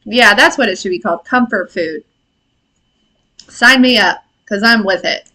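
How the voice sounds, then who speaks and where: A woman's voice: medium pitch, a little slow, sharp tone. Chatty woman hosting a casual live reading. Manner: chatty, laughing, swears casually, reads chat comments aloud. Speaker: intuitive reader and live stream host. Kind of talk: casual live-stream tarot-style reading.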